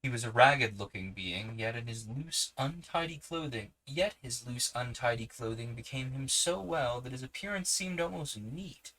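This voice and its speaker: A man reading a children's novel aloud, unhurried, with small self-corrections and casual asides. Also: medium pitch, sharp tone, low-quality recording. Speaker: podcast host reading a book aloud.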